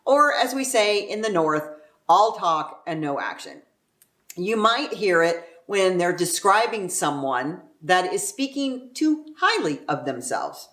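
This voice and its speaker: A woman's voice: mid-range voice, sing-song, a little slow, hardly any pauses, a bit bright, echoey room. A woman from Southern California explaining local slang phrases in a playful manner, drawing out words for emphasis. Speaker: real estate agent teaching local slang. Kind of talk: casual explainer to camera.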